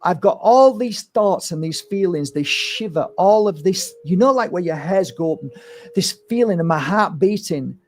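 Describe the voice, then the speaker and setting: Animated middle-aged man, high voice. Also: moderate pace. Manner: animated storytelling, swears, acts out voices. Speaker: energy healer and host. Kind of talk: casual monologue to camera. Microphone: streaming setup.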